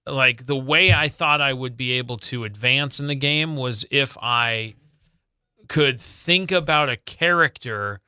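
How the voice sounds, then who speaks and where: Bright-voiced man co-hosting morning radio. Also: mid-range voice, a little slow, clear, resonant tone, dry recording, clean studio sound. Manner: animated, self-deprecating storytelling with fillers. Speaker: radio co-host. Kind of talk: casual morning radio chat. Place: radio studio. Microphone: studio microphone.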